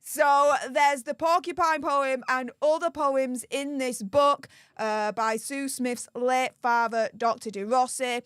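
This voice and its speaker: High-voiced Yorkshire woman streaming. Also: steady tone, takes it slowly, few pauses, a bit bright, clear, resonant tone, no room sound, clean studio sound. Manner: chatty and upbeat, thanking supporters by name. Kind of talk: casual live-stream chat.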